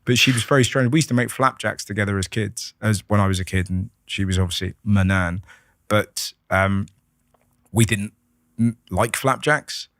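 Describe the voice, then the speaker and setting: British man, low voice, rambling candid stories, dry close sound. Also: fairly bright tone, no echo. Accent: British English. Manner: rambling, halting with many restarts and fillers, swearing freely. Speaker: guest comedian. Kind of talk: candid conversational storytelling.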